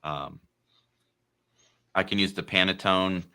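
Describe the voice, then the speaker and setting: Low, bright-toned male podcast host; rambling, animated casual chat. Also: slow pace, smooth. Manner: rambling, animated, lots of fillers.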